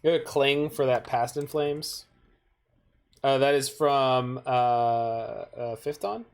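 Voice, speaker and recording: Slow, dry-joking card game streamer. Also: medium pitch, gravelly, clear, resonant tone. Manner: dry, joking asides to chat. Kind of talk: casual gameplay commentary.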